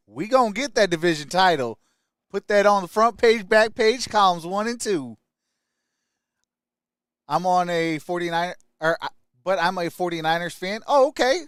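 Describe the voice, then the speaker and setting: A man's voice: sits high, measured pace, fairly bright tone, clear, resonant tone, no room sound, studio quality. Upbeat man hosting a live stream. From Michigan. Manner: upbeat, greets viewers by name, frequent "hey". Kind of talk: casual live-stream chat reading comments.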